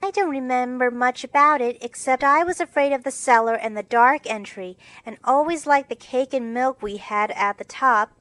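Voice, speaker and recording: A woman's voice: high voice, moderate pace, few pauses, fairly bright tone, no room sound, pitched above the performer's own voice. A woman narrator voicing an eager, literal-minded young girl in a storybook.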